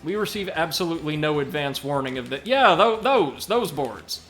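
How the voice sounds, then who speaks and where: A man's voice: on the high side, expressive, moderate pace, fairly bright tone, faint music behind. A man casually commenting on a video game during a live stream, reading chat aloud with dry, sarcastic asides. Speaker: streamer and co-host.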